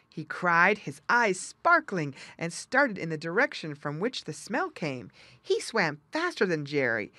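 Lively woman narrating a children's audiobook. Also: on the low side, measured pace, no room sound. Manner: lively, expressive storytelling. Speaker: audiobook reader.

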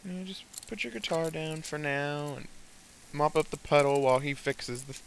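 A man's voice: fairly high pitch, normal speed, gravelly, slight background noise. A young man hosting a casual gameplay let's play, often exasperated and scolding the characters he controls.

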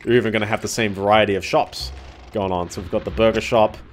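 Low-voiced guy streaming a game. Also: fairly even intonation, quick pace, slight background noise. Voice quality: rambling, self-deprecating. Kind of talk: casual gameplay commentary.

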